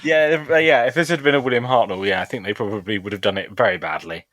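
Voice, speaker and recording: A man's voice: lowish voice, quick pace, a bit bright, dry recording. A man talking as a podcast guest in casual chat, enthusiastic and rambling, with many restarts, on stage in a theatre.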